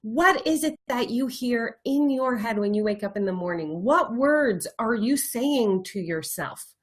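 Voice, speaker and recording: A woman life coach giving an earnest motivational talk to viewers, stressing points by repeating words and now and then dropping to a slow, soft reflective tone. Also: fairly high pitch, expressive.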